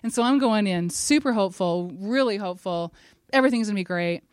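A middle-aged woman gives a religious devotional talk in an even, middle-range voice. She tells her story with lively energy and speaks directly to her listeners. The sound is dry and close, with no room echo. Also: medium pitch, a little fast.

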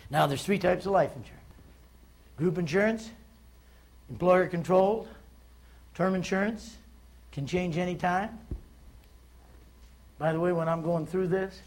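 A man with a notably high voice teaches a room of agents in a folksy, storytelling way. He builds up to emphatic points and keeps the talk plain and direct. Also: a little slow, long pauses, darkish tone, low-quality recording. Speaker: insurance sales trainer. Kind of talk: seminar talk.

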